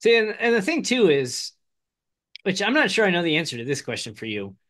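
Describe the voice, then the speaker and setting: A podcast co-host from the Midwestern United States, with a slight accent to match, chats casually on a talk show, rambling and laughing often. His voice is high-pitched and sing-song, fairly quick, and a bit bright.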